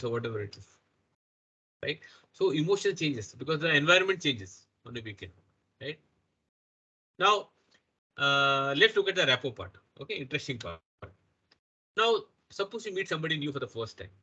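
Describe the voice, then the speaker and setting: A man's voice: on the high side, animated, brisk, sharp tone, slightly rough, dull audio. A middle-aged man with an Indian English accent leads an interactive workshop, often checking in with the audience by asking "right?" and "okay?". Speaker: workshop trainer.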